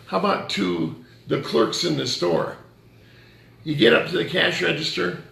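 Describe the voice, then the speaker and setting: A man's voice: mid-range voice, creaky, a bit bright, roomy sound. A male pastor giving a conversational sermon, joking and challenging his listeners directly.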